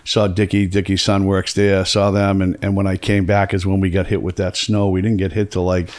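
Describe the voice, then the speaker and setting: A middle-aged man talks in a lowish voice. He tells stories in a loose, rambling way, piling up fillers and the odd curse word. It sounds like casual podcast chat. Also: completely flat delivery, fairly quick. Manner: rambling, heavy on fillers and profanity. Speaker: podcast host.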